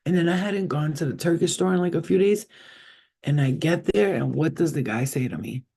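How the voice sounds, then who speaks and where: A man with a somewhat high but mellow, husky voice talks casually with viewers on a live stream. He rambles from one thought to the next and swears freely. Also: fairly quick. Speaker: psychic reader, live streamer.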